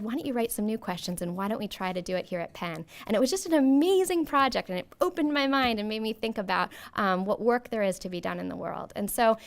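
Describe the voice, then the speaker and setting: A middle-aged woman introducing a guest lecturer at a university event, reading a bio with self-deprecating asides and many ums. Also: on the high side. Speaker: event host introducing a speaker. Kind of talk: lecture introduction read from notes. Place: lecture hall at a podium.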